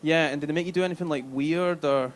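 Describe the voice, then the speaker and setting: A man's voice: on the high side, fast talker. Sweary Glaswegian stand-up man. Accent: Glaswegian Scottish. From Scotland, Glasgow. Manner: chatty, sweary, addresses the crowd with "right?". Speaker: stand-up comedian. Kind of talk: live stand-up set. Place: comedy club stage.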